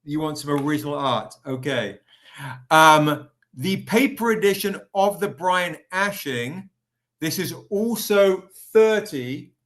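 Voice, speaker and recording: A man with a fairly high voice runs a casual live stream, greeting viewers by name and pushing comic editions with chatty enthusiasm. He sounds a little tired, as if still recovering, but keeps the pitch upbeat. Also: expressive, takes it slowly, a bit bright. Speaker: livestream host selling comics.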